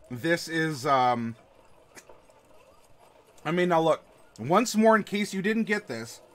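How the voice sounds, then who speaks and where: A man with a somewhat high voice reads rules aloud and comments as he goes. He rambles, fills pauses with ums, and leans sarcastic. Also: fairly bright tone. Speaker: host reviewing a game rulebook. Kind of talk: casual read-along review.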